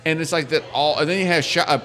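A man's voice: on the high side, fast talker, a bit bright. A man in his fifties on a podcast, telling stories in a wry, salty, casual way. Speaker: podcast host. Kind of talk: casual chat.

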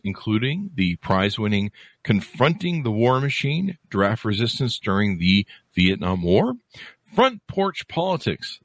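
Male podcast host, rambling and jokey, lively delivery, dry studio sound. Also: medium pitch, no room sound. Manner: jokey, rambling, self-interrupting. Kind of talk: upbeat podcast interview.

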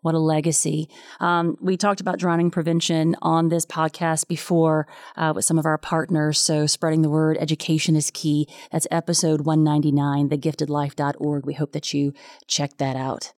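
A woman hosts a podcast in a very low voice with an affirming manner. She thanks guests and chats with co-hosts. The sound is dry and close. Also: flat delivery, normal speed, darkish tone, dry recording. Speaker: podcast host. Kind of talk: casual chat.

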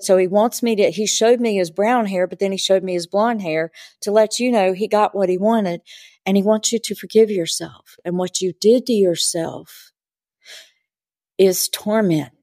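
A woman's voice: mid-range voice, normal speed, dark tone, no room sound, studio quality. A woman who works as a spiritual teacher, telling stories in an interview and acting out the dialogue earnestly. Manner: earnest, vivid storyteller who acts out dialogue. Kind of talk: interview storytelling.

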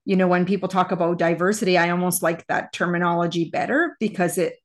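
A woman hosting an interview podcast, introducing her guest in measured list-like phrases and asking questions. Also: on the low side, steady tone. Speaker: podcast host.

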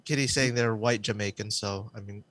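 A man co-hosting a podcast, chatting with halting, hesitant asides. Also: lowish voice, steady tone, fairly bright tone, no room sound. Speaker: podcast co-host. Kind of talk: casual chat.

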